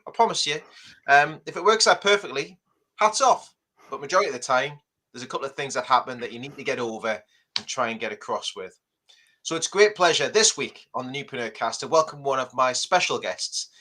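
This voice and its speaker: A man hosts a podcast with lively, upbeat patter. His voice is bright and forward, with a conversational ease. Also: medium pitch. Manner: upbeat, animated host patter. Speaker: podcast host. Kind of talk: casual podcast chat.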